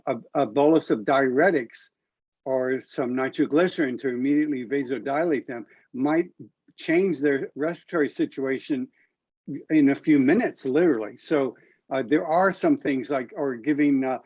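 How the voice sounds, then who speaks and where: A man speaks as an airway expert on a medical panel, explaining his approach earnestly and pausing on frequent uhs. His audio sounds dull and lo-fi, and very dry, with no room sound around him. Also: mid-range voice, darkish tone, dry recording.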